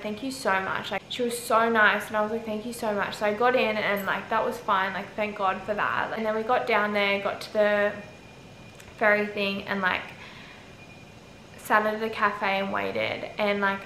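A young Australian woman telling a travel story to camera in a rambling, chatty way, filling her speech with "like". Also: medium pitch. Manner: rambling, heavy use of "like", animated retelling. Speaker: travel vlogger. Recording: echoey with faint ambient noise.

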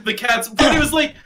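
A man appearing as a guest on a casual review show, talking through his thoughts reflectively. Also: extremely high pitch. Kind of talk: casual video-call chat.

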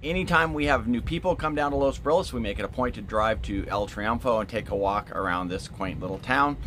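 Chatty low-voiced male vlog host. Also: a little fast, a bit bright, a little hiss or hum. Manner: upbeat, chatty, filler-heavy. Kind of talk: casual travel vlog narration.

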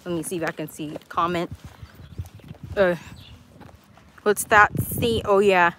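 A woman's voice: lowish voice, a little slow, fairly bright tone. Chatty woman on a noisy outdoor stream. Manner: chatty, reading viewer comments aloud. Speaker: travel vlog host. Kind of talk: casual live-stream chat while walking. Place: outdoors on a walking tour. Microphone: handheld phone camera. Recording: noisy outdoor phone audio.

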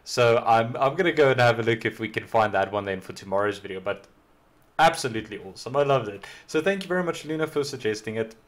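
A man with a mid-range voice reacts to a clip in casual, enthusiastic commentary. He rambles and restarts his sentences as he thinks out loud. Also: medium pitch, expressive, fast talker. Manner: enthusiastic, rambling, repeats himself. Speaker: reaction channel host.

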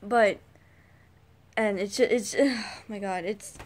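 Teenage girl, youtube vlogger, casual rant, slow unhurried delivery, rambling, sighing. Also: medium pitch. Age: teens. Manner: rambling, sighing, exasperated complaining.

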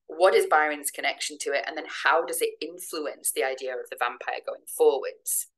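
A woman giving a measured, explanatory academic lecture, now and then reading poetry dramatically. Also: low voice, rough recording.

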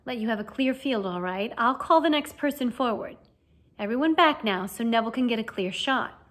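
A woman reading an audiobook voices a calm, kindly male professor who gives brisk, raised classroom commands. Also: a little high, close to an everyday voice. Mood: urgent commanding.

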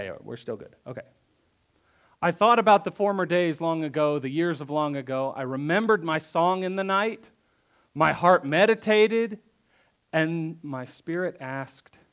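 A pastor preaching a conversational sermon, reading verses aloud and then acting them out with emphatic repetition. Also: male voice, a little high, fairly bright tone. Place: church.

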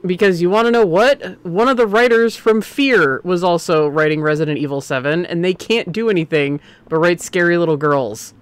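A man's voice: high-pitched, normal speed, few pauses, clean tone, dry recording. Chatty, opinionated streamer man. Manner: chatty and opinionated, swings between excited and muttering. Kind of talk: casual gameplay commentary.

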